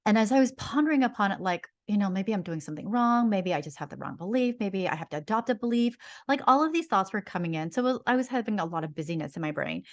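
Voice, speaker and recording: A woman hosting a podcast, telling a personal story in an earnest, heartfelt way with lots of "like" fillers. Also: mid-range voice. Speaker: podcast host.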